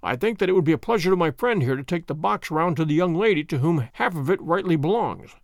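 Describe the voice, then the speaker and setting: A man voicing a calm, wry detective who speaks in a measured, commanding way. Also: a little high, no echo, studio quality. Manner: measured, crisp, quietly amused.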